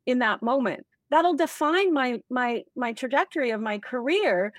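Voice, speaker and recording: A woman speaking as a leadership expert in an interview, energetic and acting out example dialogue as she explains. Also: sits high, normal speed, dry recording. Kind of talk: animated interview talk.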